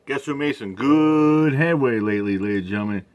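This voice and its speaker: A man giving rambling casual commentary over a video, halting often with fillers and restarts. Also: medium pitch, lively intonation.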